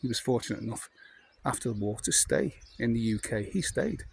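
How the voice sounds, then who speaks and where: A man's voice: mid-range voice, lively intonation, a little fast, gravelly, a little hiss or hum. Rambling Welsh man in his fifties. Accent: North Welsh. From North Wales. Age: 50s. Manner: rambling, chatty, full of fillers. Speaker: vlogger. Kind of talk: casual anecdotal monologue.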